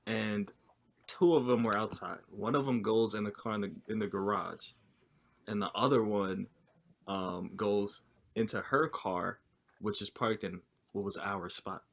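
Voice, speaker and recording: A young man in casual chat as a podcast co-host, telling a story in a rambling, halting way. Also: lowish voice, steady tone, gravelly. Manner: rambling, lots of fillers and restarts.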